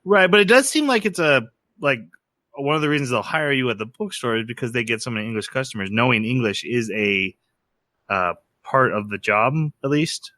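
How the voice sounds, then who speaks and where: A podcast host with a medium-pitched voice talks briskly, recording with no echo. He casually and animatedly recaps an episode, acting out the characters' quotes in raised voices.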